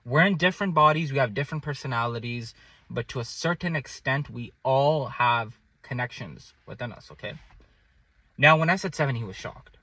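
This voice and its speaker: With a medium-pitched voice and no room sound, a young man tells his viewers a personal story at normal speed. His delivery is animated and relaxed, peppered with "okay?" check-ins, and his loudness goes up and down.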